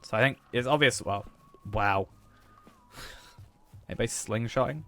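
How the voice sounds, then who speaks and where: A man's voice: medium pitch, a little slow, bright, forceful tone. A man, streaming a game and chatting casually with viewers while he plays, cracking jokes. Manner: joking, chatty, talks to chat while playing. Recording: faint background music.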